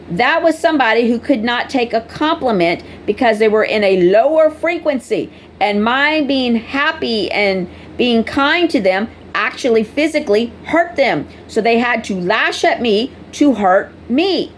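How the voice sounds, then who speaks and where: A woman's voice: a little high, expressive, moderate pace, hardly any pauses, a little hiss or hum. A woman vlogger talking casually and bluntly to her viewers, scolding them in a preachy way. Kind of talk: casual direct-to-camera talk.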